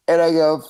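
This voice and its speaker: A middle-aged man, a jiu-jitsu coach, telling stories on a podcast in a profane, animated way with frequent laughter. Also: on the high side, clear, resonant tone, low-quality recording. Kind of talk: casual podcast storytelling.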